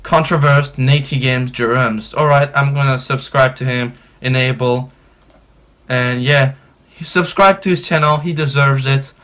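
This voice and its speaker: A man doing let's play commentary, excitable, swearing and bursting into shouts. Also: mid-range voice, a little slow. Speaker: gaming youtuber.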